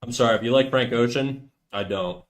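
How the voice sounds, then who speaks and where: A man's voice: medium pitch, a little fast. A man chatting casually on a livestream while he draws, joking and playfully defiant as he argues with his chat.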